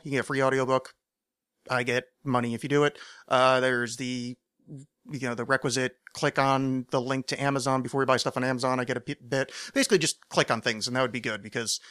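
A man's voice: medium pitch, a bit bright, no echo, clean studio sound. Rambling, self-deprecating male podcast host. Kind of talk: casual solo podcast monologue.

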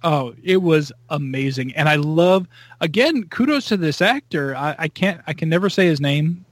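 A man in casual podcast chat, excitable and acting out his own reactions. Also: moderate pace, dry recording. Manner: excitable, acts out his own reactions with big pitch jumps. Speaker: podcast co-host.

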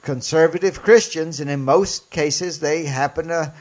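Man, older, Southern accent, political talk host, folksy, emphatic, slightly high voice. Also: unhurried. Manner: emphatic, folksy, rises loud on key points. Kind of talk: political commentary monologue.

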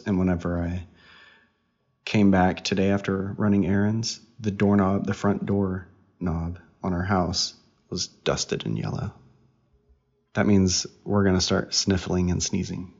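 A man in his thirties chatting casually with his young daughter on a podcast, patiently explaining things through questions and gentle teasing. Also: sits low, gravelly, slightly rough. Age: 30s. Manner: patient explainer who asks questions and teases. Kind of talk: casual family chat. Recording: dull lo-fi recording.

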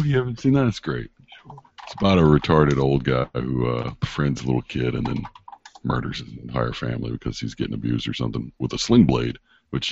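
A man's voice: rumbling low, vocal fry, husky, no echo. A man running an online tabletop game as game master, rambling through rules with many fillers, heard over dull lo-fi voice chat.

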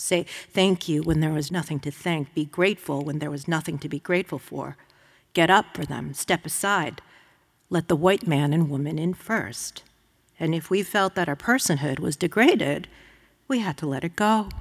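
A woman from the United States reading her own writing aloud at a public lecture, measured and reflective. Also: low voice. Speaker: author reading her work. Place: lecture hall. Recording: long reverb of a lecture hall.

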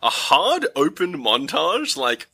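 Podcast co-host: young man, very bright tone, hungover, loose rambling chat full of laughs. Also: a little high, wildly swooping pitch, slow pace, creaky, breathy edge. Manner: chatty, rambling, laughs often. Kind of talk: casual chat.

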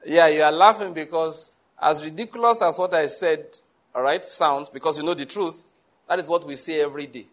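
A male preacher, delivering a lively sermon and asking his congregation questions. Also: fairly high pitch, moderate pace. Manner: animated, rises to shouts, asks the congregation questions.

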